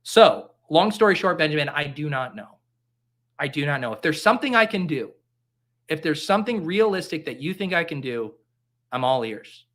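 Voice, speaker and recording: A man's voice: fairly high pitch, expressive, normal speed, a bit bright. A man hosting a casual livestream, joking and reading chat aloud in a mock-earnest way. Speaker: fantasy football streamer. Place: home basement.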